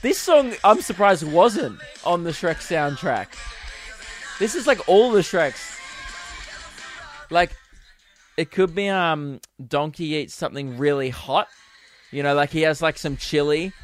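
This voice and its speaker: A man's voice: on the high side, animated, measured pace, long pauses, soft background music. A young man, hosting a casual solo podcast, rambling and giggly with lots of fillers. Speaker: podcast host and comedian.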